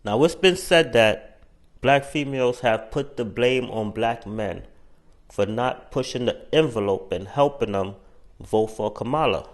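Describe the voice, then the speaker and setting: A man hosting a channel, giving measured, news-style commentary and citing figures. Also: medium pitch. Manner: measured, matter-of-fact, cites figures.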